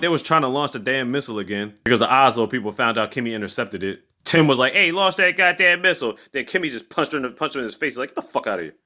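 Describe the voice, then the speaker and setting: A man's voice: medium pitch, bright, forceful tone. A man giving a casual, profane, slang-heavy recap of a movie's plot. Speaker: movie reviewer.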